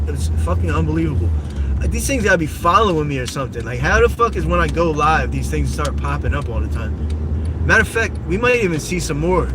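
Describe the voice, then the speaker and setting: A man chatting profanely with his live chat as he drives, recorded on a phone in a moving car. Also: fairly high pitch. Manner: rambling, profane, reads chat aloud. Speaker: livestreamer. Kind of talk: casual live-stream chat while driving. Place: inside a car while driving. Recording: loud road noise in a moving car.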